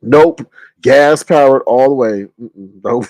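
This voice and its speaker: A man casually hosting a livestream, reading chat aloud in a joking, animated way and laughing often. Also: slow pace, no echo. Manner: animated, joking, laughs often, jumps to high-pitched exclamations.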